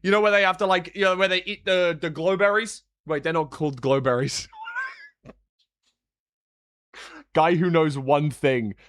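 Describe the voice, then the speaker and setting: A young British man chatting casually on a live stream, joking and sarcastic, with quick swings in energy. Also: fairly high pitch, steady tone, a bit bright. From Britain. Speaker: streamer and analyst.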